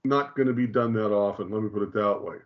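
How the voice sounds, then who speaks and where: A man's voice: on the low side, fast, muffled recording. A man teaching in a conversational way, emphatic and repetitive, often checking in with "okay?". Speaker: teacher explaining Hebrew.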